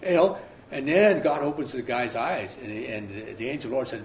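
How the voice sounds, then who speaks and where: A man's voice: medium pitch, normal speed, slight background noise. Man preaching a sermon, chatty storytelling, echoey room, muffled lo-fi sound. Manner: casual storytelling with slang asides. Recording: roomy, dull sound.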